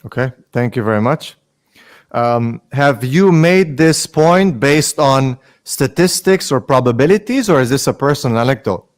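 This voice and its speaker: A man's voice: mid-range voice, lively intonation, moderate pace, dry recording. A man arguing his side in a heated online debate, pointedly mixing Arabic religious terms into his speech.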